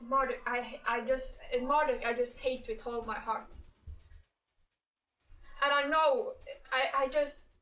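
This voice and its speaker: In this casual, profane commentary, a gaming creator vents her frustration with game characters, laughing often. Her high voice holds a steady tone, moving slowly with long pauses. The sound is echoey, the mic distant, highs are cut off, and faint music plays.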